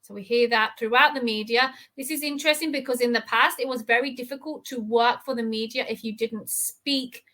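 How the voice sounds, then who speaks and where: A woman's voice: fairly high pitch, steady tone, brisk, few pauses, fairly bright tone. A woman teaching an English reading lesson, reading an article aloud and then patiently explaining its words and grammar.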